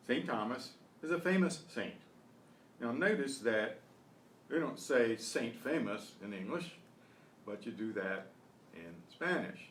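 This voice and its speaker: A man teaching a beginners' Spanish class online, explaining patiently and repeating each phrase slowly. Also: medium pitch, lively intonation, a bit bright, distant mic. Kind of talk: online beginner language lesson. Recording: roomy echo with faint noise.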